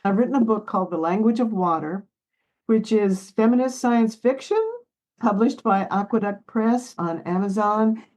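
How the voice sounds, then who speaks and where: The rough recording captures a therapist guest in her seventies with a mid-range, slightly mellow voice at a moderate pace. Reflecting in an interview, she speaks earnestly and emotionally, occasionally choking up and laughing as she recounts family stories.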